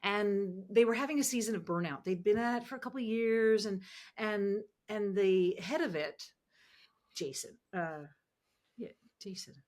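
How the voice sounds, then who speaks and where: Woman, podcast guest, lively storytelling, middle pitch. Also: normal speed. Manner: animated, emotional, acts out quoted voices. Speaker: podcast guest, ministry founder. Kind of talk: conversational storytelling interview.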